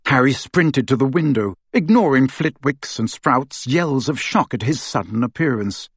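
A man reads a fantasy novel aloud, lively and expressive, his pitch rising and falling with the action. His voice is slightly breathy and recorded close and dry. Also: normal speed, few pauses, dry recording. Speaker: audiobook narrator. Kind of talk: scripted narration.

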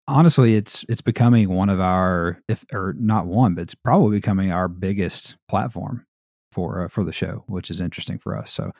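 A man's voice: sits low, a little mellow, no echo, studio quality. A man with an American Southern drawl hosting a gaming podcast in a chatty, laid-back way, laughing often. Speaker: podcast host. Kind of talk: casual podcast chat.

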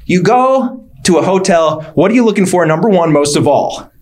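A man performing a stand-up routine, building his bits to shouted punchlines. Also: sits high, animated, moderate pace. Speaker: stand-up comedian.

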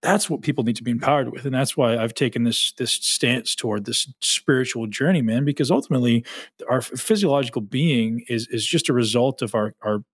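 A man's voice: medium pitch, fairly quick, slightly rough, no room sound. A man talking as a podcast guest, intense and emphatic, swearing freely. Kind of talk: podcast conversation.

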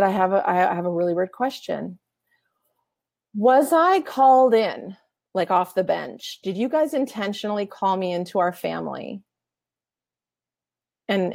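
A middle-aged woman telling a heartfelt personal story, earnest and animated, often laughing and acting out the voices of others. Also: mid-range voice, dry recording, clean studio sound. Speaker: author and coach.

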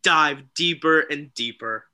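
A man co-hosting a casual wrestling talk show, excitable and animated, often mimicking people. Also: fairly high pitch, slow. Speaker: podcast co-host.

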